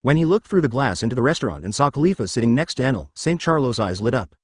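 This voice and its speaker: A man narrating a story in a scripted reading style, brisk and animated. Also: medium pitch, breathy edge, dry recording.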